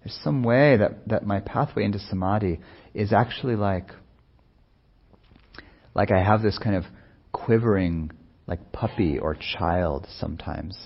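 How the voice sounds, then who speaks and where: A man speaking as a meditation teacher in a soft-spoken, unhurried, musing way, with many pauses. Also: lowish voice, creaky, breathy edge, lo-fi sound. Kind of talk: reflective dharma talk.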